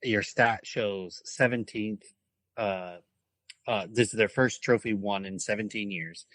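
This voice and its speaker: A man co-hosting a casual sports podcast who speaks slowly in a low voice. His remarks are measured and brief, and the sound is dry. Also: a bit bright, no echo. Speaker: podcast co-host.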